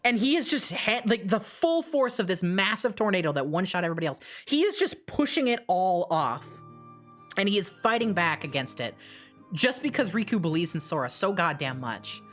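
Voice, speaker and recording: A woman streamer casually retelling a story, animated and swearing, with quick asides and restarts. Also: mid-range voice, soft background music.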